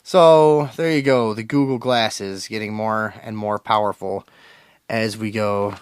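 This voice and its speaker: A man's voice: lowish voice, fairly even intonation, a little slow, clean tone, dry recording. Brief: man, radio host, profane and rambling, very dry close studio sound. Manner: crude, loose, swearing, mock-aggressive with callers. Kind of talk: profane call-in radio talk.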